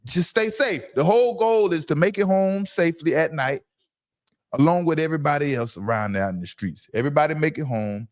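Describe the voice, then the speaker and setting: A man hosting a casual sports talk livestream from home, loud and brash, trash-talking his commenters. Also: on the high side, lively intonation, a little fast. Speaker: podcast host.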